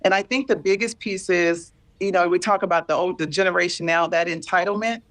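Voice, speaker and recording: A woman in her fifties talking candidly and earnestly about caring for a parent, halting and repeating herself as she searches for words. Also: fairly low pitch, steady tone, a bit bright. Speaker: guest sharing caregiving story. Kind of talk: candid emotional conversation.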